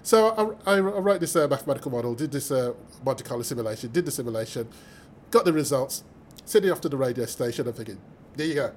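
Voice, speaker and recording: A British man, a mathematician guest, telling stories with lively energy, acting out the voices of people he quotes and laughing as he goes. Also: mid-range voice, fast, slight background noise. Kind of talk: animated storytelling in conversation.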